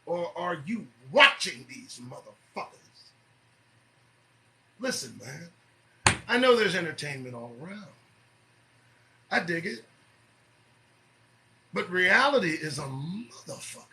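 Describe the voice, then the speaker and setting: A man hosting an early-morning commentary show, preaching and swearing as he swings from shouting to low muttering. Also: lively intonation, moderate pace, long pauses, slight background noise, low-quality recording.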